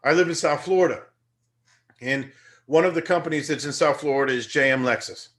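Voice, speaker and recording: A young man, a teacher, giving a conversational and energetic motivational lecture that rises into emphatic bursts. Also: on the high side, fairly quick.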